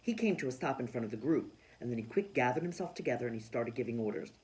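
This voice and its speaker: Expressive man reading a kids' book. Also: medium pitch, fast, low-quality recording. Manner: lively, expressive. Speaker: children's book reader. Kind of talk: storybook read-aloud.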